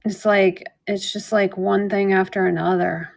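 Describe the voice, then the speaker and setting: Gravelly-voiced woman chatting through a live sale. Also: medium pitch, little pitch movement, measured pace. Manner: chatty, rambling storytelling with fillers. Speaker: online jewelry seller. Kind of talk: casual live-sale chat.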